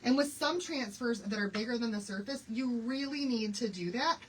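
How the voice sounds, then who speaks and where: Cheery 60s lady doing a craft livestream, kinda high voice, chatty, little hum of room noise behind. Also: animated, normal speed, rough recording. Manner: bubbly, chatty, laughs often, greets commenters by name. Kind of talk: live-stream craft demo, greeting viewers.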